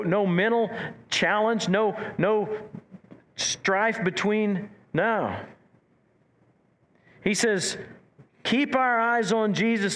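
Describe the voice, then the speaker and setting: A man preaching a sermon as pastor, animated, stumbling over repeated words and acting out quotes. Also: high voice.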